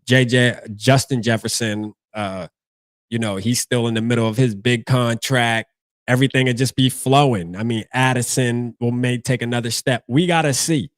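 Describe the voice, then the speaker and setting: A man hosting a casual sports talk livestream, hyped and slangy, with loud bursts of enthusiasm. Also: mid-range voice, no room sound. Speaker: livestream host.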